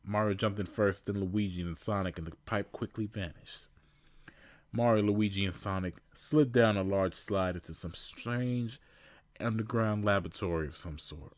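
Podcast guy reading fanfic out loud, lowish voice, super dry sound. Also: moderate pace, no echo. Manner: amused, laughing asides. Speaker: podcast host. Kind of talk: reading fan fiction aloud.

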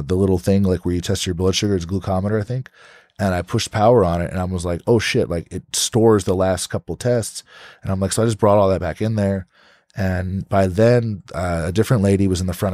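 Low-voiced man telling a rambling story. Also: a little mellow, dry recording. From California. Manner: rambling, peppered with "like", frequent restarts and swearing. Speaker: podcast guest. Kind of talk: casual storytelling.

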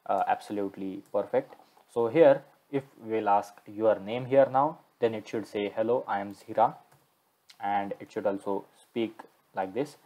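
Young man, casual coding tutor, fillers and okays, lowish voice. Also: warm tone. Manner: casual, thinks aloud with many okays and uhs. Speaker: programming tutor. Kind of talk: screen-recorded coding tutorial.

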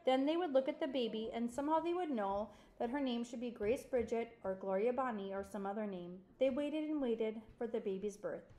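A woman reading a children's chapter book aloud in a teacherly way, pausing to point things out to listeners. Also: fairly high pitch, warm tone. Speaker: reader.

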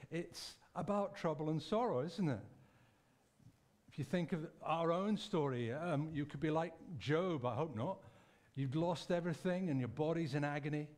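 A man's voice: fairly high pitch, a little mellow. Man preaching a thoughtful, chatty sermon. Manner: conversational, thoughtful, with self-corrections and asides. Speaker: pastor. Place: church.

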